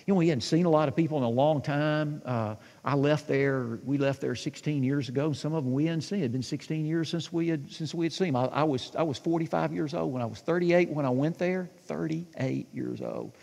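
Husky-voiced preacher in his sixties. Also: a little high, brisk, hardly any pauses, long reverb tail. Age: 60s. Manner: animated storytelling, asks the congregation questions. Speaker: pastor. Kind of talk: sermon.

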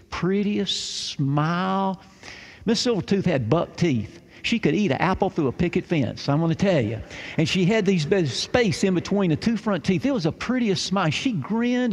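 In a reverberant hall, a man with a fairly high, darkish voice tells a live audience a story from his childhood. His delivery is folksy, and he likes to repeat key phrases.

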